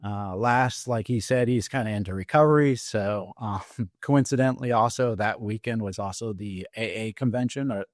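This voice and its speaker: Low-voiced middle-aged man, halting storytelling. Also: no room sound, studio quality. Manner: halting, many fillers and restarts. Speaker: podcast guest, Army veteran. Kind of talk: personal story told in an interview. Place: podcast studio.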